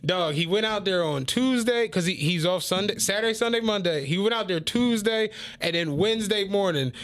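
A young man from co-hosting a podcast, telling animated, profane stories in casual chat. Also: high-pitched, normal speed. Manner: animated, profane storytelling with acted-out quotes. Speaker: podcast co-host.

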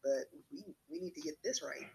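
A man's voice: fairly quick, background noise. A man in a casual discussion, speaking frankly in a rambling way with many fillers and asides. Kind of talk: casual chat.

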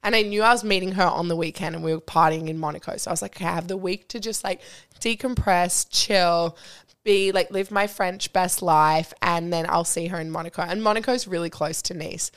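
A woman's voice: on the low side, steady tone, brisk, clear, resonant tone. Chatty young woman. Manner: chatty storyteller, lots of "like" and laughs. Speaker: podcast guest. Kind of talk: casual chat.

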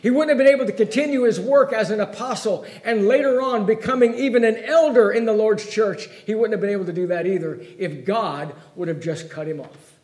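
A man preaching a sermon in a high voice, pressing his points with questions put straight to the listeners. He swings from loud, emphatic lines down to hushed pleading. The sound is echoey, as in a church room. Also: a little fast, hardly any pauses. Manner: asks the listeners direct questions.

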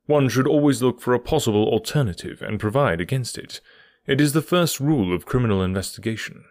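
A man reading the part of a confident Victorian detective, crisp and dryly critical. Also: medium pitch, expressive, brisk, no echo, studio quality, natural voice. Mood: assured. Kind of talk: audiobook dialogue reading.

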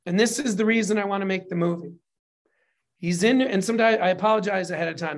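Animated, profane male storyteller. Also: high-pitched, quick pace. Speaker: film and TV producer, guest. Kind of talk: casual storytelling interview.

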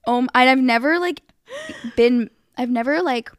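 A young woman co-host chats casually on a podcast and rambles through a story with lots of fillers. Her voice sits a little high and sounds close and dry on a studio mic. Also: a little slow, clear, resonant tone, dry recording. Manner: rambling, filler-heavy, frustrated retelling.

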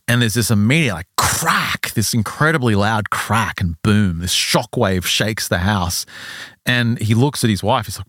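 A fairly low-pitched man co-hosts a podcast, recounting a story conversationally with animation and short acted-out quotes. The studio sound is clean, with no room sound.

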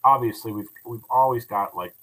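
A building owner who operates a ghost tour tells stories in a casual podcast interview, speaking in a mid-range voice at a moderate pace. He's an animated storyteller who restarts often, and the audio quality is poor.

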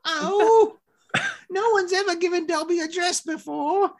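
Dobby, a shrill groveling house elf. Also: male voice, measured pace. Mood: overjoyed. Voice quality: shrill, very high squeak. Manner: exclaiming and groveling, talking of himself by name.

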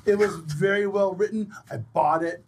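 A man co-hosting a casual movie review chat, excitable, gushing and swearing freely. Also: high-pitched, moderate pace, a little hiss or hum. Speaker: podcast co-host.

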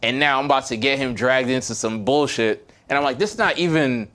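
Animated young man telling a street story. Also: medium pitch, a little fast. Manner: animated storyteller, gets loud and heated when retelling the fight. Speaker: podcast co-host telling a story. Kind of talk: casual storytelling chat.

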